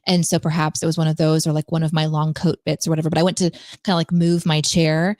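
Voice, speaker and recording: A woman's voice: deep voice, little pitch movement, fast talker, a little mellow, no room sound, clean studio sound. A woman co-hosting a casual podcast chat, telling stories and laughing often. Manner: chatty, laughs often, storytelling. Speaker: podcast co-host.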